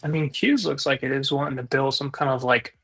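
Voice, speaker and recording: A man's voice: medium pitch, steady tone, brisk, creaky, a bit bright. A man co-hosting a live trading stream who calls out incoming trades in casual chat. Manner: calls out trades as they come in.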